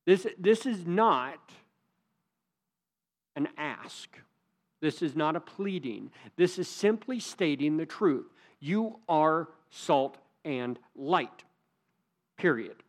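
Pastor, man, slightly high voice, measured emphatic sermon delivery. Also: expressive. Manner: earnest, emphatic preaching with rising stresses.

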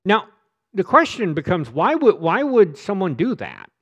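A male pastor delivers a sermon with strong emphasis, doubling words as he drives a point home. His voice sits a little high for a man. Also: wildly swooping pitch, measured pace, bright, forceful tone, husky. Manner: emphatic, repeats words when stressing a point.

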